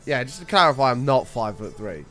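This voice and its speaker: A young man hosting a casual gaming live stream, greeting viewers by name and chatting with excitable bursts, his voice slightly rough. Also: medium pitch, fast talker, soft background music.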